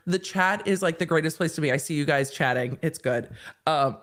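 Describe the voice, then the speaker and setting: A woman hosting a casual livestream, playful and excitable, reading viewer comments aloud into a studio mic. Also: deep voice, measured pace. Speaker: legal commentator, host. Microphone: studio microphone.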